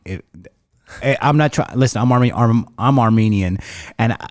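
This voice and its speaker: A man in his thirties hosts a podcast, telling rambling, casual stories full of slang and plenty of "bro." His voice is mid-range with a darkish tone, moving at a moderate pace. The studio sound is clean, with no room sound.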